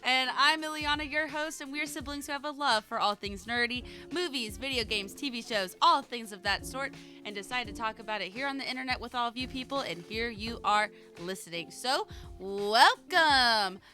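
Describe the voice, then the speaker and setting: A young American woman hosting a podcast in casual chat, bubbly and laughing with quick asides. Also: on the high side, sharp tone, faint music behind. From United States. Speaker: podcast host.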